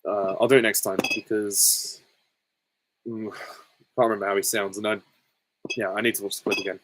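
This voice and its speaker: A man's voice: lowish voice, flat delivery, moderate pace, a bit bright, slight background noise, rough recording. A man hosting a live stream, reading out viewer questions and answering them in a candid, chatty way.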